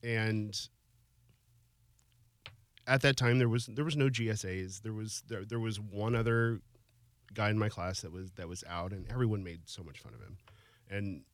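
A man in his forties shares a personal story in casual chat, softly and haltingly, with emotion close to the surface. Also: fairly low pitch, no echo. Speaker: guest.

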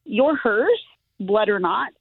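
A woman's voice: medium pitch, lively intonation, takes it slowly, husky, no room sound, phone-quality sound. A woman giving a psychic reading on a podcast, chatty and self-deprecating, laughing often. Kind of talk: casual podcast chat and reading.

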